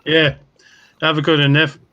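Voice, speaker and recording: A man's voice: on the high side, completely flat delivery, moderate pace, pushed and bright, highs cut off, a little hiss or hum. A man in a casual video chat, making dry jokes and offering to end the broadcast. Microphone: video call.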